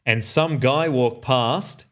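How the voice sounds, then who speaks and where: An Australian man recounting a travel mishap in an offhand, casual way. His voice sits at an ordinary middle pitch, and he keeps circling back to fix details and slip in deadpan remarks. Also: slow. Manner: rambling, self-correcting, dry asides. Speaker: streamer telling a personal story. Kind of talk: casual anecdote.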